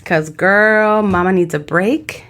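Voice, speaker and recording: A woman's voice: medium pitch, slow, fairly bright tone. A woman co-hosting a casual podcast chat, chatty and laughing, dropping in Spanish phrases. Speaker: podcast co-host.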